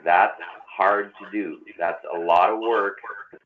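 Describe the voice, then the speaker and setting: A man's voice: lowish voice, slow pace, a little hiss or hum. A man speaking on a panel in an online webinar, folksy and prone to repeating words and restarting. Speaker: agronomy panelist. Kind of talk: webinar discussion. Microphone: video call. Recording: tinny phone-like call line.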